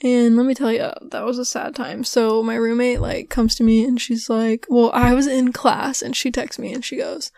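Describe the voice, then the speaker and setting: A young woman with a hoarse, worn voice rambles through a casual podcast story, full of fillers and little giggles. Her voice sits a bit high, and the sound is dry and close, with no room to it. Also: little pitch movement, normal speed, few pauses, a little mellow, dry recording. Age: young adult. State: hoarse, voice giving out. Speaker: podcast host.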